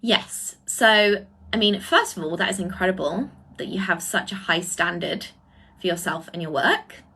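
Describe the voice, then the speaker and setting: A woman acting as a spiritual coach, talking in a casual livestream and answering viewers' comments, with effusive, drawn-out exclamations. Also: lowish voice, bright, forceful tone, husky. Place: indoors, live video stream.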